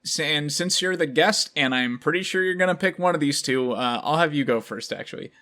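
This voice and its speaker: A man's voice: fairly high pitch, fairly quick, sharp tone. An American man hosting a podcast in casual chat, rambling with lots of filler words. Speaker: podcast host.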